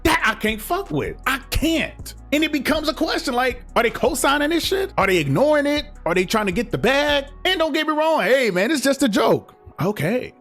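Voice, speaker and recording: Young guy w/ AAVE ranting on stream, high swingy voice, cusses a lot, faint music under it. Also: moderate pace, few pauses. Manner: blunt, profane, animated. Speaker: reaction streamer. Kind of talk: heated commentary rant.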